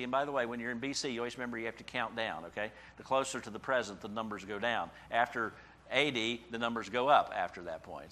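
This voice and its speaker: Bright-voiced male preacher, conversational and animated. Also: mid-range voice. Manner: animated preaching, voicing the prophet's cries with sudden rises; conversational asides ending in "okay?". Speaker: pastor. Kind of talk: sermon.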